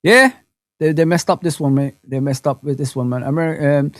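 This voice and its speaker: Male streamer, a touch higher pitched than most men, animated and rambling, close dry mic. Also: normal speed, no echo. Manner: animated, rambling, heavy on slang fillers like bro and man. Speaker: host of a live football fan chat. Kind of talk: casual live-stream chat, reading comments aloud.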